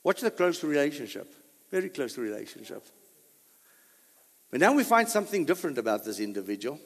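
Animated preacher man in echoing hall. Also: on the high side, brisk. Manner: animated preaching with rhetorical questions and sudden loud peaks. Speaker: pastor. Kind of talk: sermon. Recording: long hall reverb.

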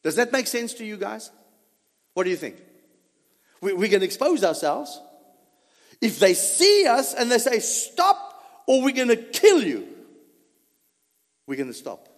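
A man preaching a sermon, animated, asking his audience questions and repeating points for emphasis. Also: sits high, moderate pace, pauses often, long reverb tail.

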